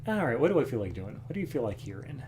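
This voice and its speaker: A man hosting a music livestream from home, chatting casually between songs in a relaxed, rambling way with frequent chuckles. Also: medium pitch, racing, noisy background. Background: acoustic guitar.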